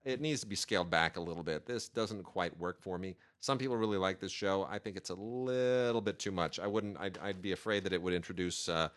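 Chatting casually about new home video releases, a man with a slightly low, fairly bright voice speaks fairly quickly with hardly any pauses. He rambles, often stopping on filler sounds before reaching his point.

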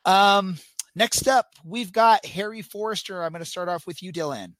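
A man's voice: high-pitched, normal speed, a bit bright. A man hosting a casual sports podcast over an online call, easygoing and hesitant with many ums. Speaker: podcast host. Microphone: computer mic on an online call.

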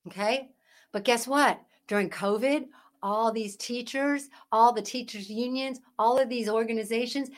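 A woman with a high, bright-pitched voice delivers fervent Christian commentary as a podcast host. She hammers her points with rhetorical questions and urgent calls to wake up, swinging between loud emphasis and hushed asides. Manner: parent.

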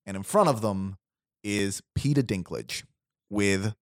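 A man's voice: fairly low pitch, dry recording, clean studio sound. A man casually telling a long story on a podcast, rambling with restarts and laughs. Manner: rambling, restarts, laughs often, quick asides. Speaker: podcast host pitching a film idea.

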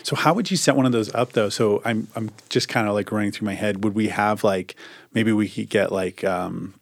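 Here a gravelly, lowish male voice at normal speed belongs to a podcast co-host in casual chat. He stays relaxed, rambling along with many fillers and restarts, and there is no room sound.

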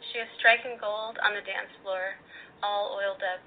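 A woman calling in to a radio show, reading her own story aloud in an expressive, teasing way. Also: medium pitch, moderate pace. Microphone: phone. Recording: tinny phone line, faint noise.

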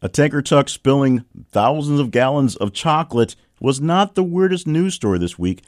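A man's voice: moderate pace, no room sound, clean studio sound. A man hosting a weekly news roundup, reading headlines and quotes with wry asides in a casual way. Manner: reads headlines with wry asides and lively swings in pitch. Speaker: news show host.

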